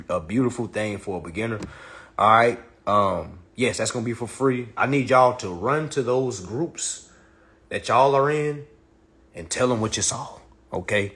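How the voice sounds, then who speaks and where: A man's voice: mid-range voice, a bit bright, husky. A man hosting a casual phone livestream, talking in a boastful, repetitive, profane way. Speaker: livestream host.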